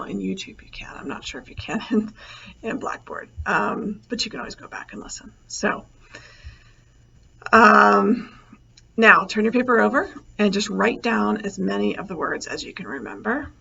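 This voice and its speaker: A woman lecturer recording a lesson over slides, relaxed and thinking aloud with many fillers. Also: medium pitch, creaky. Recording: slightly dull, faint noise.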